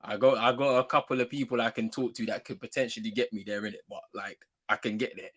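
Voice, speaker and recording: A young British man trades jabs on a casual sports show. His voice is bright and forceful, and he teases in easy, slangy banter. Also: medium pitch, steady tone, fast, poor audio. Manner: teasing, laddish banter. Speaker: co-host.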